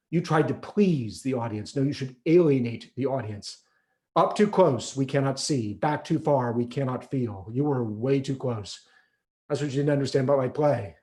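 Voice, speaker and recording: A man voicing a pompous male playwright who lectures a young director, speaking lower than his own voice. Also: mellow, natural voice. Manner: lecturing, condescending.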